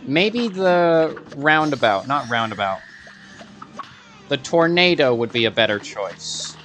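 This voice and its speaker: A man's voice: medium pitch, expressive, slow pace, fairly bright tone, faint music behind. A man giving gameplay commentary, muttering sarcastic asides to himself and breaking into frustrated outbursts. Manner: sarcastic, rambling self-talk while playing. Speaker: gaming video creator.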